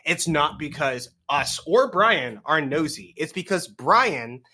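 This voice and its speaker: Bright, lively chatty podcast co-host. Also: medium pitch, slow. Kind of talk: casual chat.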